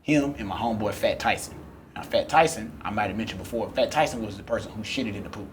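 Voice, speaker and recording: Male podcast co-host, AAVE speaker, quick and lively comic storyteller; light background noise. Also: fairly low pitch. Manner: loud, lively storyteller, acting out the characters' voices. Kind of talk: animated comedic storytelling.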